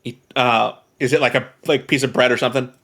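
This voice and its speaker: A man's voice: mid-range voice, fairly even intonation, quick pace, a bit bright. A man running a tabletop game, narrating casually in a hesitant, filler-heavy way. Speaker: game master.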